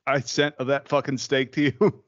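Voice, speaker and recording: A man's voice: medium pitch, flat delivery, normal speed, dull audio. A man co-hosting a casual podcast, telling stories and laughing often between lines. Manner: anecdotal storytelling, laughs often. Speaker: podcast co-host. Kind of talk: casual profane podcast banter.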